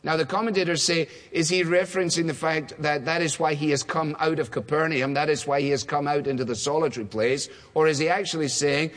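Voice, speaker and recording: A man's voice: on the high side, steady tone, brisk, few pauses, fairly bright tone. Man preaching in an echoing hall. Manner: conversational, acts out dialogue voices. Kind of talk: sermon. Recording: long hall reverb.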